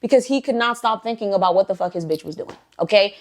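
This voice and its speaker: A woman's voice: medium pitch, quick pace. A woman hosting a storytime channel, telling a story casually with lots of slang, "like" fillers and swearing.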